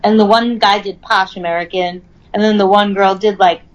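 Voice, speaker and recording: A woman's voice: mid-range voice, steady tone, moderate pace. A young woman hosting a podcast in casual chat, talking with lots of ums and likes. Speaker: podcast host. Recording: slightly dull, lo-fi audio.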